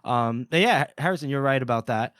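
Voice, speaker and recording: A man's voice: medium pitch, animated, normal speed, a bit bright, no room sound, studio quality. A man co-hosting a casual book podcast, laughing often and acting out quotes from the book in put-on voices. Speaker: podcast co-host.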